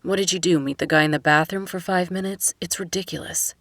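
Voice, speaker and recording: A woman voicing a guarded young billionaire man who speaks softly and intimately. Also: on the low side, fairly even intonation, brisk, dry recording, studio quality. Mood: tender.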